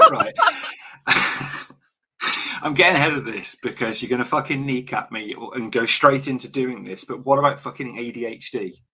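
Sweary man with a husky voice. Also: medium pitch, bright, forceful tone. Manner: sweary, laughing, quick asides. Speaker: podcast co-host. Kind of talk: casual podcast banter.

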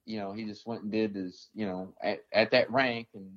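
A man's voice: lowish voice, steady tone, moderate pace, a bit bright, dull audio. A man from the American South, an army veteran, telling his stories bluntly in a casual interview, swearing often and rambling with many fillers.

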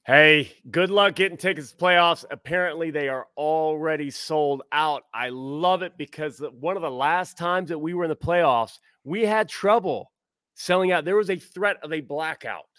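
A man talking sports as a podcast guest in a relaxed, chatty way. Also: on the high side, normal speed, no room sound, clean studio sound. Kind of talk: casual sports chat.

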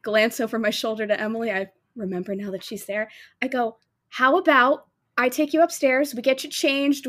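A woman's voice: on the high side, a bit bright. Woman player in a tabletop game. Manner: casual, narrating her character's actions, caring. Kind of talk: tabletop role-play.

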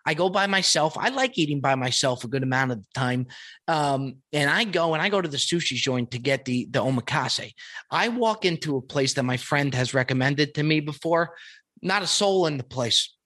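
A man hosting a podcast, telling a story in a casual, excitable way, swearing freely and repeating himself as he goes. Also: fairly high pitch, moderate pace. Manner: excitable, profane and repetitive. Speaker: podcast host.

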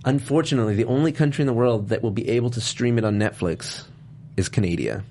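A man hosting a casual chat, talking in an animated, rambling way over faint room noise. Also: medium pitch, quick pace. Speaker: host.

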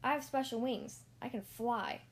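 A woman's voice: fairly high pitch, moderate pace, lightly acted. A woman reading a storybook aloud and voicing a proud, self-important male space ranger toy who speaks in a grand, formal way.

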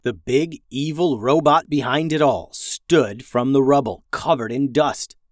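A man reading a children's adventure story in a gentle, even storytelling manner as a podcast host. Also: medium pitch, unhurried, no echo, studio quality. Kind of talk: scripted story narration.

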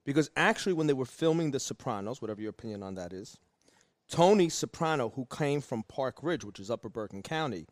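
Brief: man, mid-pitch, animated co-host chatting on a podcast, dry mic. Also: no echo. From New Jersey. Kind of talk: casual chat.

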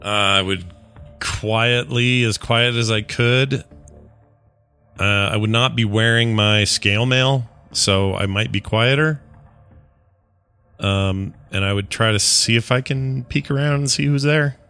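A man's voice: medium pitch, unhurried, pushed and bright, clear, resonant tone, faint music behind. A man playing a tabletop game, thinking aloud in a hesitant way. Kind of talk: casual play at a tabletop game.

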